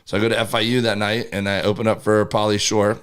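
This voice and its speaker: A man's voice: on the low side, little pitch movement, fast, clean tone. A young man co-hosting a podcast, telling a rambling story in casual chat and acting out the people in it. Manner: rambling storyteller, acts out quoted voices. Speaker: podcast co-host.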